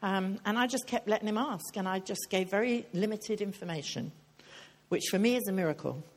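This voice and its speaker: A woman's voice: mid-range voice, fairly quick. An older woman preaching a sermon in a chatty, joking way, putting questions to her audience.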